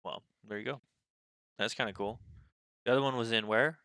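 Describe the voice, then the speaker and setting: A man co-hosting a podcast in casual chat, laid-back and often trailing off quietly. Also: medium pitch, fairly quick, smooth, no room sound. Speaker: podcast co-host. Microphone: podcast studio mic.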